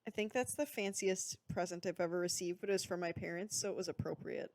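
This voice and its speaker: A woman's voice: lowish voice, fairly even intonation, fast, a little mellow, no echo. A young woman co-hosting a podcast, chatting playfully and enthusiastically about a movie with plenty of joking. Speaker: podcast co-host. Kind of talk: casual chat about a movie.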